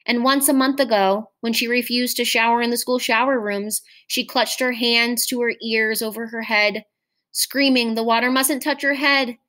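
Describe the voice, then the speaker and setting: Teacher lady reading a short story out loud, slightly high voice, calm and expressive. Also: normal speed.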